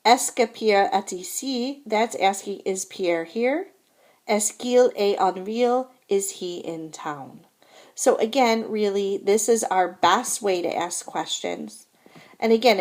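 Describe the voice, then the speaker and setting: A woman teaching French grammar in a recorded lesson, patient and repetitive, often checking in with "okay?". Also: medium pitch. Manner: patient, repeats "so again" and "okay?".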